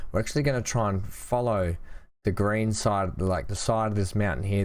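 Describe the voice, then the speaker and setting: A man's voice: on the low side, darkish tone. A young man casually commenting on his own gameplay, thinking aloud and chatting to the game as he builds. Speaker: gaming channel host. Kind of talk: casual let's-play commentary.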